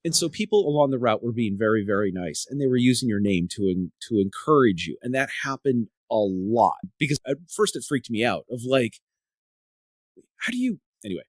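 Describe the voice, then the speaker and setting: A man's voice: mid-range voice, animated, a little fast, hardly any pauses, no room sound, clean studio sound. A man hosting a podcast in casual chat, telling a story in a rambling way and often repeating and restarting his words. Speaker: podcast host.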